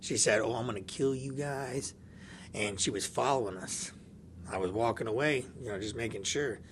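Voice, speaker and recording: A man's voice: mid-range voice, normal speed, a little hiss or hum. A man telling a personal story in casual chat, laughing often and acting out the dialogue of the people in it. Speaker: podcast guest.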